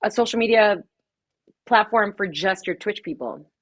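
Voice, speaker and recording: Fast-talking, laughing woman DJ. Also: mid-range voice. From Los Angeles. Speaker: DJ and streamer guest. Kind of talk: casual podcast interview.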